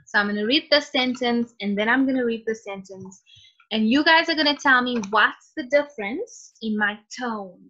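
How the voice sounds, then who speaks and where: Over lo-fi online call audio, a woman teaches a class at a moderate pace in a slightly high, pushed, bright voice. She's chatty and encouraging, reading her students' messages aloud.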